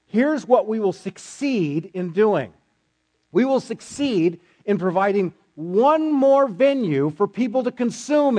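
A man's voice: high-pitched, a little mellow. A pastor delivering a sermon to his church, asking rhetorical questions and voicing his listeners' objections.

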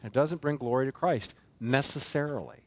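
A man's voice: mid-range voice, fairly quick. A man preaching a sermon as pastor, emphatic and repetitive, with many rhetorical questions.

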